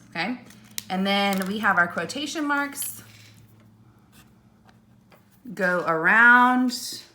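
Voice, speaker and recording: A woman teacher explains a lesson to young students in a bright, clear voice. She goes slowly and patiently, checking in with "okay?" and "right?" after each step. She turns away at times to write on a board, so her voice moves off the mic. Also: mid-range voice.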